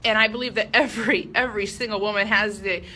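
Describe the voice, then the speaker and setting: Woman, 30s, bright voice, earnest and self-deprecating personal speech. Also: mid-range voice, steady tone, fast. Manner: earnest, candid, self-deprecating with light laughs. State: emotional at moments. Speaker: speaker giving a personal talk.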